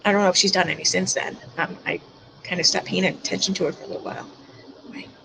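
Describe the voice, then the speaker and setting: A woman's voice: fairly low pitch, steady tone, fast talker, creaky, background noise. A woman hosting a livestream, chatting casually with callers and laughing often. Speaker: livestream host.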